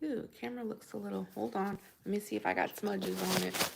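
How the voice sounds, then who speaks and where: A woman's voice: medium pitch, steady tone, a little fast, vocal fry, background noise. A woman hosting a casual livestream, chatting and greeting viewers by name in a bubbly way. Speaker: livestream host.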